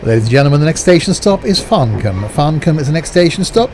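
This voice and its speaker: A man putting on the voice of a train guard making formal announcements to passengers, in a drawn-out announcer delivery. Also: a little high, big pitch swings, darkish tone, a little hiss or hum. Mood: mock formal.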